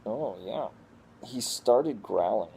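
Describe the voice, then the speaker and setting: A man's voice: mid-range voice, lively intonation, slow pace, vocal fry, dark tone, a little hiss or hum. A man from the Northeastern United States chatting casually at home in a rambling, easygoing way, full of restarts. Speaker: squirrel rehabber vlogger. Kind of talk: casual home vlog chat.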